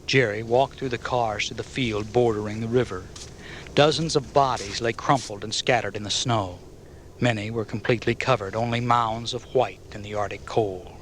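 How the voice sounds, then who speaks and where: A man's voice: lowish voice, fairly even intonation, moderate pace, fairly bright tone, slight background noise. Man narrating an audiobook evenly.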